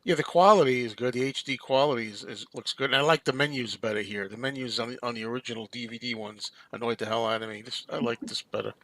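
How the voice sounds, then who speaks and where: A man's voice: mid-range voice, fast talker, few pauses, a bit bright. A man hosting a live chat stream, talking casually and animatedly, rambling through stories with restarts.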